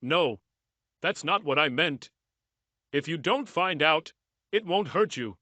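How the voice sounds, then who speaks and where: A man narrating a first-person story in a measured, even reading style. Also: fairly high pitch, dry recording.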